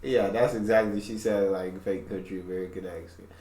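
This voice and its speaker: A man's voice: deep voice, steady tone, fairly quick, darkish tone. A man hosting a reaction video, chatting casually and teasing with a joking manner. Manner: joking, teasing, laughs easily. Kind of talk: casual chat. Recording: echoey room.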